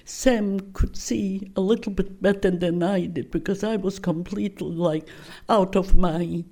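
Slow, gravelly older woman. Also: fairly low pitch, fairly even intonation, mellow. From Poland. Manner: halting, restarts sentences, searches for words. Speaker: guest recounting her life. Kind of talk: oral history interview.

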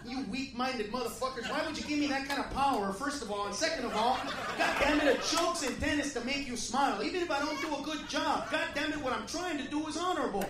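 A man doing a brash, profane stand-up comedy set in a comedy club, shouting at the crowd. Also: extremely high pitch, quick pace, noisy background. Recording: echoey live club from a distance. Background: audience laughter.

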